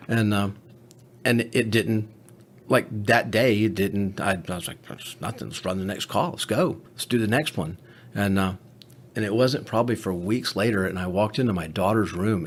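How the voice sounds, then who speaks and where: A man who is a paramedic, telling candid stories in a podcast conversation, blunt and profane. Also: fairly low pitch. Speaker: paramedic co-host.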